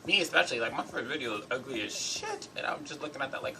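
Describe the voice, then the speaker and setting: A man's voice: medium pitch, animated, fast, creaky, poor audio. A young American man with a faint English lilt that slips in and out, ranting casually in a chatty, sassy way. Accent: American with a slight fading English lilt. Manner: chatty, sassy, with many "like"s and "you know"s. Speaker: regular member of a group vlog channel. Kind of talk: casual rant vlog.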